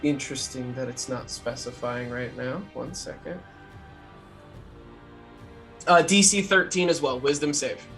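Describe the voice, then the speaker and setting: A man's voice: medium pitch, steady tone, measured pace, gravelly, long pauses, fairly bright tone, soft background music. A man playing a tabletop game who speaks eagerly and checks the rules aloud. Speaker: player.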